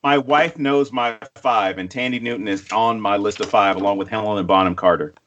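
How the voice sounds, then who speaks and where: A man co-hosting a podcast, telling stories in a profane, animated way and acting out quotes. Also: on the low side, fairly quick, highs cut off, a little hiss or hum. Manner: acts out quotes in other voices. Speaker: podcast co-host. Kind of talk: casual chat.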